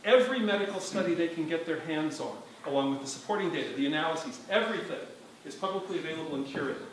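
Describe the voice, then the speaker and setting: A man's voice: fairly high pitch, expressive, fast, slight background noise. A man giving a live conference talk to an audience, emphatic and wry, often quizzing the room. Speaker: conference speaker. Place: large hall with audience. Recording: very echoey hall, distant mic.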